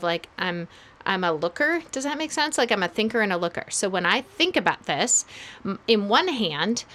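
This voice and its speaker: A young adult woman co-hosting a relaxed podcast chat. She talks at a middling pitch, thinking out loud, with fillers and restarts while she gropes for the right word. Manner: thoughtful, searching for words, many fillers. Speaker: podcast co-host. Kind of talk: casual chat.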